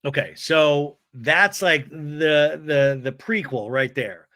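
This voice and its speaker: A male podcast host recapping a reality show in a comedic, casual way, with crude jokes and mocking voices for the people he quotes. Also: takes it slowly. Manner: animated, acts out quotes in high mocking voices; crude, joking asides.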